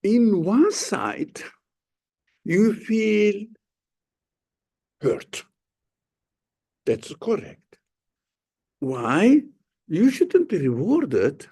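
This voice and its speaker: Slow, gravelly male Quran teacher. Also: high-pitched, huge pitch swings, mellow. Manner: slow, halting explanation with rhetorical questions. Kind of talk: informal Quran study lesson.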